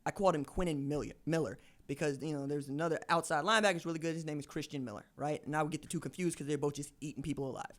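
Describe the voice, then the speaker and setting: A man hosting a casual sports podcast, telling animated stories and acting out quoted voices. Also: on the high side, very fast, few pauses. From Tulsa, Oklahoma. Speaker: podcast host.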